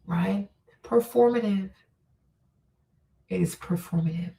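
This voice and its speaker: A woman hosting a livestream, giving blunt, profane, animated commentary on relationships. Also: medium pitch, takes it slowly, vocal fry, distant mic, poor audio. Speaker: livestream host.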